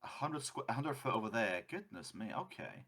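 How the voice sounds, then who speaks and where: A man's voice: medium pitch, very animated, brisk, a bit bright. A man running a tabletop game as game master, talking in a rambling way and often restarting his sentences. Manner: rambling, self-interrupting.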